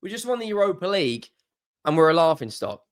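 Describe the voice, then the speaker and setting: A young man ranting in a fan video, swearing often and swinging from low muttering to loud exasperated outbursts. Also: very animated, quick pace. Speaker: football fan vlogger.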